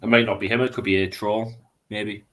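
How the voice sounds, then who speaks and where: A man's voice: lowish voice, little pitch movement, a little fast, fairly bright tone. A man on a live stream, chatty and playful, explaining how things work. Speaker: streamer, co-host. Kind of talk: casual stream chat.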